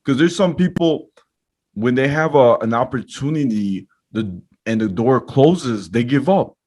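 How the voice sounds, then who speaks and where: A man's voice: mid-range voice, animated, measured pace, darkish tone. A man hosting a podcast, interviewing his guest in an encouraging, reflective way. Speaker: podcast host.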